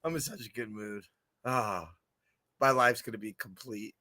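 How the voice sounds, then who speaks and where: A man hosting a fan podcast in a casual livestream chat, excitable and giggly with lots of slang, on a computer camera mic. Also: fairly low pitch, moderate pace, dry recording.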